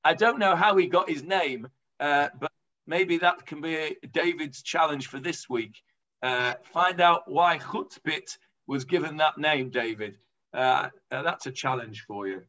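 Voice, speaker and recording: A man's voice: fairly high pitch, unhurried, sharp tone, muffled recording. A man with an English accent teaching an informal Talmud class, chatty and full of hesitations. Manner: chatty explaining, lots of hesitations.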